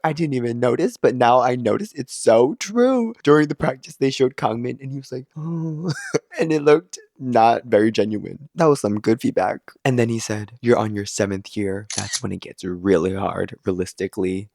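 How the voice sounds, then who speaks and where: A man giving an opinionated, sarcastic casual recap of a competition show, now and then jumping up high to exclaim. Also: creaky, a little mellow, no echo, studio quality.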